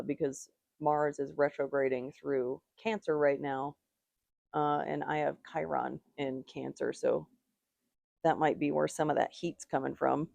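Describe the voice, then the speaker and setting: Tarot reader just chatting away, gravelly and warm, lots of "like", kinda opinionated. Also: mid-range voice, no room sound. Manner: rambling, opinionated, with many "like" fillers. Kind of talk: casual tarot reading.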